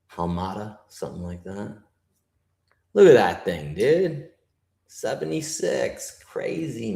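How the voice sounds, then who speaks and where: A man's voice: medium pitch, darkish tone, roomy sound. A man from New York hosting a live trading stream, griping and swearing as he talks to his chat. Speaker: livestream trader host.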